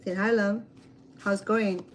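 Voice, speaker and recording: A woman chatting casually while cooking at a home grill outdoors, telling stories in an animated way with many fillers. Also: medium pitch, unhurried, a little hiss or hum, poor audio. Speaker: cooking vlogger.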